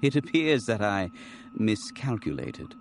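A man voicing a small, plump male colonel with a thin, fragile voice that turns shrill. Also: sing-song, unhurried, a little hiss or hum. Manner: nervous, rising to shrill outbursts.

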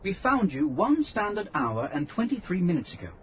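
A man's voice: high-pitched, big pitch swings, normal speed, a little hiss or hum, pitched above the performer's own voice. A man voicing a chirpy, obsequious male protocol droid in an audiobook. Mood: fussy. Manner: prim, obsequious. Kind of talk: audiobook character voice. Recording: dull lo-fi audio.

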